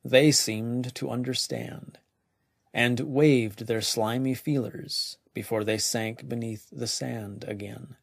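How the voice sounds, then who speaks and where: A man narrating a weird tale slowly and deliberately, his voice dropping now and then to a hushed near-whisper. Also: medium pitch, fairly even intonation, dry recording, clean studio sound. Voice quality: gravelly. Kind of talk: slow scripted story narration.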